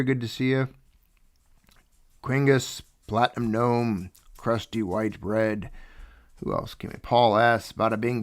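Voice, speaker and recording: A man with a lowish, gravelly voice hosts a livestream, chatting casually and greeting his viewers one at a time.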